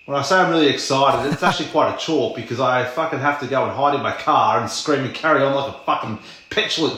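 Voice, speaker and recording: A man delivering a loud, sweary comic rant as a podcast regular. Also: medium pitch. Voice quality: sweary, shouty and theatrical. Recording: very echoey room.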